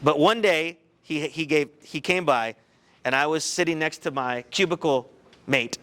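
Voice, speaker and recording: A man giving a motivational talk to high school students, telling a personal story in an animated, conversational way. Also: unhurried, clear, resonant tone. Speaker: guest speaker.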